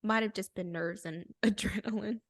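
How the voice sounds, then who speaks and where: A young woman tells a story on a podcast in a bubbly, animated way, laughing as she goes. Her voice has a gravelly fry and a mid pitch. The sound is close and dry. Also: normal speed, dry recording. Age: young adult. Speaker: podcast co-host. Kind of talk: casual storytelling chat.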